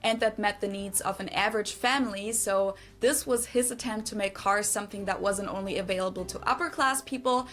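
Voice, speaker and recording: A woman's voice: medium pitch, fairly bright tone. A woman from Germany with a German accent, narrating a scripted explainer and carefully repeating pronunciations. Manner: precise, instructive, repeats pronunciations slowly. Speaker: explainer in a clip being reacted to. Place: lives in the US.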